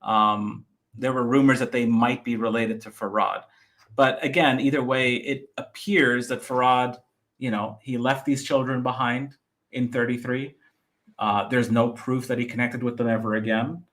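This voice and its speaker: A man, the author of a book, explaining his research point by point in a relaxed podcast interview. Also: mid-range voice, normal speed. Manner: methodical, lists points by number.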